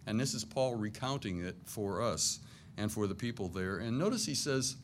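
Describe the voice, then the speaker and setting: A man's voice: fairly low pitch, expressive, moderate pace, a little hiss or hum. A middle-aged man preaching a sermon to a congregation in a church, conversational and self-deprecating, with jokey asides. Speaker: pastor.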